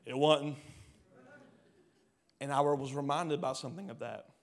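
A pastor preaching a sermon, swinging between loud rising bursts and quiet low drops. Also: male voice, a little slow, gravelly. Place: church hall.

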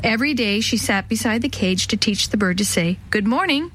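A woman reading a children's story aloud in a gentle, expressive way, giving each character a voice. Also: medium pitch, brisk, breathy edge, low-quality recording.

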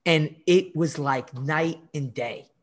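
A man's voice: on the high side, slow. A middle-aged man, a fitness coach, telling stories in a casual podcast interview with emphatic delivery, often acting out his own past words. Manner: frequent "like" fillers and restarts.

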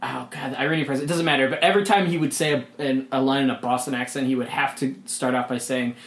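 A man's voice: medium pitch, steady tone, fast talker, a bit bright. A man co-hosting a podcast, chatting casually with wry, tangent-prone asides. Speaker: podcast co-host. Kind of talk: casual chat. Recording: roomy echo.

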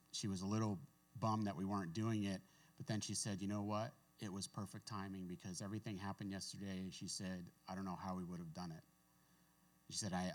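A man preaching a relaxed, conversational sermon, reading scripture and adding his own asides. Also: low-pitched. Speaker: pastor. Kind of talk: casual sermon.

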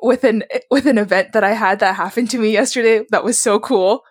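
A woman's voice: mid-range voice, fairly quick, slightly rough, no echo, studio quality. A young woman on a podcast, telling a story in a giggly, self-deprecating, rambling way with many fillers. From Tongan heritage. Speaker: podcast co-host. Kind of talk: casual storytelling chat.

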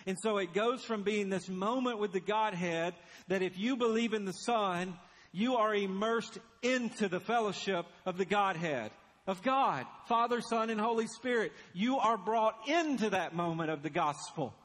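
High-voiced man preaching in a reverberant hall. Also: moderate pace. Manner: earnest preaching, drops to hushed emphasis. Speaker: pastor. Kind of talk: sermon.

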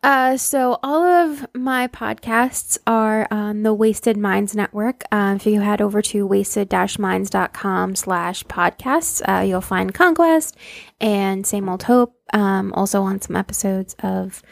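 A woman's voice: medium pitch, slow pace, gravelly, no echo, studio quality. A woman guest on a casual podcast, speaking thoughtfully with many ums and likes.

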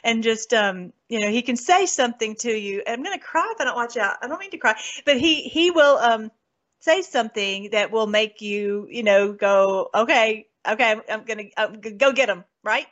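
A woman hosts a casual political commentary show, gushing and breaking into laughter as she talks. Her voice sits fairly high. The sound is dull and lo-fi. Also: normal speed, fairly bright tone. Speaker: host.

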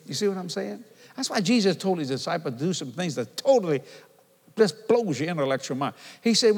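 A man's voice: sits high, brisk, breathy edge. An older man preaching a sermon, telling stories animatedly and asking the congregation questions. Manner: animated storytelling, calls and responses with the congregation. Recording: long hall reverb.

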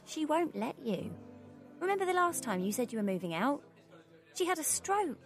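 A woman's voice: high-pitched, big pitch swings, faint music behind. An actress playing Daisy, a bossy, fretful young woman in a comedy drama. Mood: worried. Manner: bossy and fretful, quick to outrage. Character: fussy young woman named Daisy, anxious, indignant. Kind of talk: scripted comedy drama acting.

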